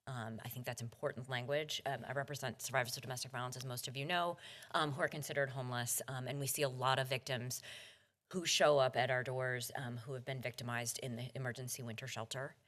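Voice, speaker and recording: A woman advocate giving public comment in a council chamber, earnest and halting, with many ums and restarts. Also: extremely low pitch, steady tone, fairly bright tone.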